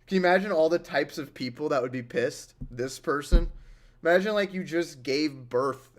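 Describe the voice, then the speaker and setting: High-voiced man chatting on a livestream. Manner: chatty, laughs easily, trails off quietly. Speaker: streamer reading donations. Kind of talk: casual livestream chat.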